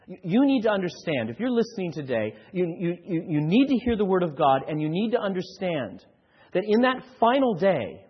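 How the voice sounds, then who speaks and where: A man preaching a sermon with passion, building from quiet to loud and often repeating words as he presses a point. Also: high voice, very animated, a little fast, breathy edge. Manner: repeats words when stirred. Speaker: pastor. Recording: dull sound, long hall echo.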